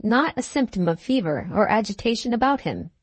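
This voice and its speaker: A woman narrating a classic novel as an audiobook, in a measured, even storytelling manner. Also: fairly high pitch, dry recording.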